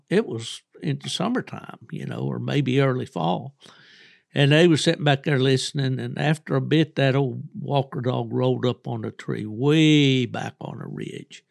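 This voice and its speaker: An older man with a gravelly, creaky voice spins folksy, rambling stories as a podcast host. He talks in a relaxed, easygoing way and chuckles often. The sound is dry and close, with little room echo. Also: medium pitch. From Southern West Virginia. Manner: folksy, rambling storyteller who laughs often. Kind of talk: casual storytelling chat.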